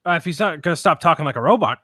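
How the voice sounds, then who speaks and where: A man talks quickly and teasingly as a co-host in a relaxed live chat. His mid-range voice sounds dry and close on a home call mic. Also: on the high side, no echo. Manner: brisk, teasing. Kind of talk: casual live-stream chat.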